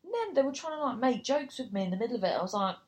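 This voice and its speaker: A woman's voice: a little high, very animated, racing. A woman comedian telling a gig story casually, swearing freely and acting out other people's voices. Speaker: comedian and compere.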